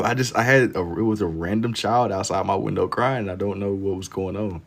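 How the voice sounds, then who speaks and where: A man's voice: sits low, steady tone, brisk, few pauses. A man chatting casually on a livestream while he draws, reading out viewer comments in a laid-back, slangy way and laughing easily. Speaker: livestreamer drawing on stream.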